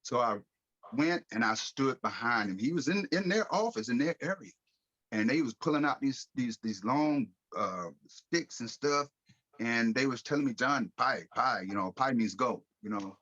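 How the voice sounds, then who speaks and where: A middle-aged American man telling his life story in a podcast interview, lively, with casual slang and acted-out quotes. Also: medium pitch, moderate pace, no echo, muffled recording. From United States. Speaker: guest speaker.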